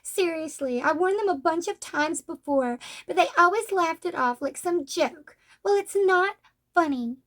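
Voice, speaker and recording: A woman's voice: very high-pitched, expressive, measured pace, a bit bright, pitched above the performer's own voice, heavily acted. A woman reading out the lines of a frank, scornful popular schoolgirl from a manga. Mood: fed up. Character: blunt popular teenage schoolgirl.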